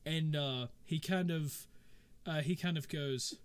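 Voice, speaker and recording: A man's voice: on the high side, slow, clean tone. A man narrating a tabletop game as game master, rambling and full of fillers.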